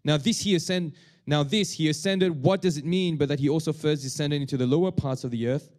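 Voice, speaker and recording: Man, pastor, sermon, halting, lots of restarts, fairly high voice. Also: a little mellow. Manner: halting, many restarts and fillers.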